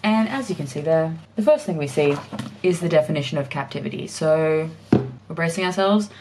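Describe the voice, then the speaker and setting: A woman talks casually through her reading in a home vlog, thinking aloud and restarting her sentences. Her voice sits low. A faint hiss of room noise runs under it. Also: lively intonation, moderate pace, far from the mic. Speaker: book vlogger. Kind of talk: casual book review vlog. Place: home, working indoors.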